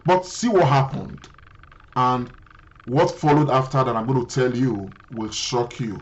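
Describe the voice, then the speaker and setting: This male show host talks at an ordinary pitch, pausing often and correcting himself as he sets up a story. The recording sounds slightly muffled and lo-fi. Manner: hesitant, many fillers and self-corrections. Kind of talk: talk show commentary.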